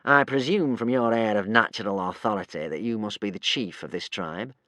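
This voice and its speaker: A man's voice: fairly low pitch, brisk, pushed and bright, no echo. A slippery, theatrical charmer from a children's story, voiced by a man reading aloud. He talks with an oily, ingratiating politeness. The sound is dry and close. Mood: smarmy. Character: smooth, sly male con man, charming and theatrical.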